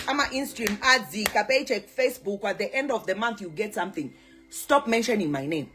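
A woman's voice: mid-range voice, fairly quick, fairly bright tone, soft background music. A Zambian woman ranting on her vlog, scolding someone, switching between English and local words with mocking repeats. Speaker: social media influencer. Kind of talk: heated vlog rant.

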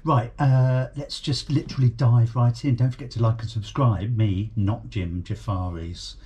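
A man's voice: medium pitch, fairly even intonation, moderate pace, dark tone, highs cut off. A man hosting a YouTube reaction video in casual chat. He talks hesitantly and offhandedly, with lots of ums and uhs.

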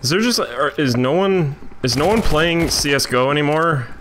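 A man giving excitable let's play commentary while gaming at home, swearing often and joking at his own play. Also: a little high, moderate pace, a little hiss or hum. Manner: excitable, swearing, self-mocking. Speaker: gamer.

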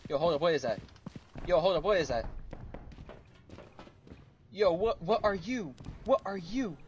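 Lively cursing man gamer. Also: sits high, unhurried, dull audio. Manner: laughing, yelling, cursing. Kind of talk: casual gaming banter.

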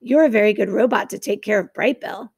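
A woman voicing a quiet, shy young male beaver who speaks gently in a storybook. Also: mid-range voice, brisk, breathy edge, no room sound, clean studio sound.

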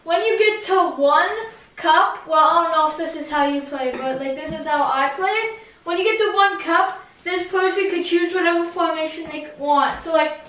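A woman chatting casually for a vlog, full of quick exclamations as she plays. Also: very high-pitched. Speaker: vlog co-player. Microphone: own camera at a distance. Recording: echoey room, far from the mic, loud background noise.

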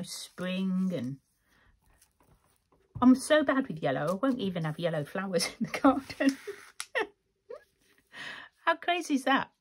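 A woman's voice: mid-range voice, a little hiss or hum. A woman chatting casually through a craft tutorial, rambling and laughing often as she works. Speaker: craft vlogger.

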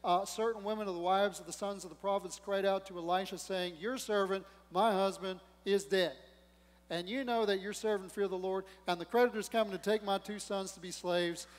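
A man with a high, bright voice preaches to his congregation, swelling to loud emphasis and dropping into asides. The sound rings with a long reverb off the walls of a church sanctuary. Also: steady tone, brisk. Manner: preaching with rising emphasis and humor, acting out quotes. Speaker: pastor. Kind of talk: sermon.

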